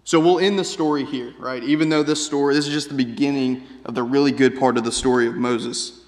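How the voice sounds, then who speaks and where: A man giving a sermon in a relaxed, conversational manner and often tossing in "right?". His voice sits at an ordinary middle pitch. It carries a long echo through a church hall. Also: a little fast. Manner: conversational, keeps asking "right?". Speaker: preacher. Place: church sanctuary.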